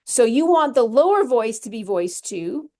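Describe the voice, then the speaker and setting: A woman music theory instructor talking through a software lesson step by step in a chatty, self-correcting way. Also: fairly high pitch, very animated, unhurried. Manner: chatty, talks through steps as she clicks, self-correcting. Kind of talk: recorded screen-share lesson.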